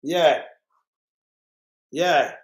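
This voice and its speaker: A man with a Jamaican accent hosting an angry political rant, reading out statistics, heated and repetitive, cursing and bursting into shouts. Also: fairly high pitch, extremely slow, echoey room. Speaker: channel host commenting on murder statistics.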